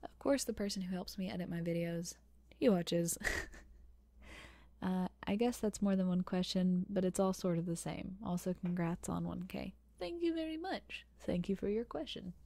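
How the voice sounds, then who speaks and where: A young woman from the American South with a softened Southern accent, hosting a soft-spoken ASMR question-and-answer, often dropping into a whisper and pausing with fillers. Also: fairly low pitch, gravelly, no room sound. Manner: soft, partly whispered, hesitant with many fillers. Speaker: ASMR channel host. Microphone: close microphone.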